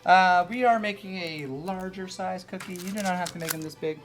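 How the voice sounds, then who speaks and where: A woman's voice: lowish voice, brisk. A woman hosting a casual cooking demo, talking in a playful, rambling, joking way. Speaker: cooking show host. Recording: background music.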